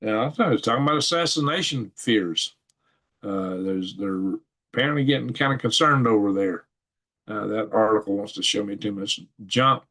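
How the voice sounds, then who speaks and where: A man at his home computer talks through news stories for his channel. His voice sits at an ordinary middle pitch. He rambles, chuckles to himself and thinks out loud between articles. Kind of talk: casual screen-share news commentary.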